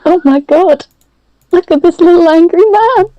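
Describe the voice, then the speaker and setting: A woman at a tabletop game, reacting with excitable exclamations. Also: extremely high pitch, normal speed, highs cut off, slight background noise. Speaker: player.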